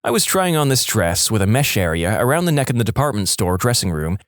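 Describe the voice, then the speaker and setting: A man reading out reader-submitted stories in a brisk, matter-of-fact scripted narration. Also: fairly low pitch, very animated, no echo, clean studio sound. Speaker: story narrator.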